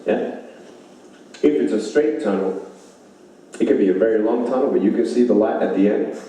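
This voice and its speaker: A man's voice: fairly low pitch, moderate pace, warm tone. A man giving an inspirational speech, emphatic, repeating lines for effect. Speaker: motivational speaker. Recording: very echoey hall, mic far off.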